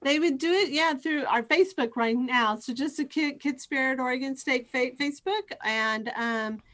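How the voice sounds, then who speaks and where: A middle-aged woman, a professor guest on a podcast, telling personal stories in a lively way. She often stumbles and restarts words mid-thought. Her voice sits a little high. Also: moderate pace. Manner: lively storyteller with many false starts. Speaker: professor and youth program director, guest. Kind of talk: conversational interview storytelling.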